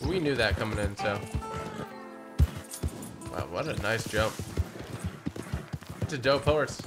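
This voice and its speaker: A man talks his way through a gameplay session, chatty and thinking aloud. His voice sits at an ordinary middle pitch. Game music plays loudly under his voice. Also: expressive, a little slow, pauses often. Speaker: gaming YouTuber. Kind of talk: casual gameplay commentary. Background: game music and horse sounds.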